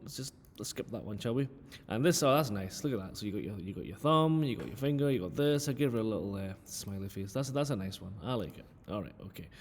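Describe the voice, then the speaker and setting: A man's voice: lowish voice, animated, fast talker, in a large hall. A man who is a physics teacher, telling a casual story and mockingly judging drawings. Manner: playful mock-outraged teasing.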